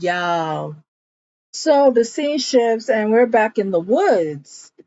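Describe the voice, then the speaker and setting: A woman's voice: on the high side, a little mellow, dry recording, muffled recording. A woman recapping a TV episode in a casual, chatty way, acting out the characters' lines and addressing her viewers as y'all. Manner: chatty storytelling that acts out quotes, says y'all. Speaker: TV episode reviewer.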